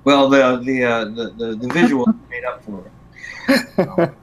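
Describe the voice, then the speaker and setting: A man hosting a casual live-stream show, talking in a halting way with many ums and uhs. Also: medium pitch, a little hiss or hum, rough recording. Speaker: host of a lightsaber school's live show.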